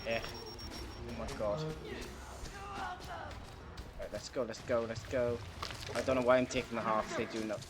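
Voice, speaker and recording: A man streaming a horror game live, swearing a lot and switching between low grumbling and panicked yelling. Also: flat delivery, unhurried, pauses often. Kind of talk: live gameplay commentary. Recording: game music behind.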